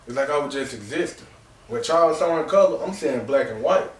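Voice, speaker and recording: A man's voice: medium pitch, lively intonation, a little fast. A man in his twenties, a podcast host, telling a raw, rambling and emotional personal story with lots of "real talk" and "bro". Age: 20s. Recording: echoey room, distant mic.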